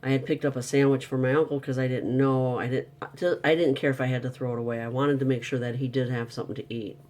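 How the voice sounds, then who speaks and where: Man, vlogger, venting, exasperated, mid pitch, casual storytelling. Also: little pitch movement, fast talker, darkish tone.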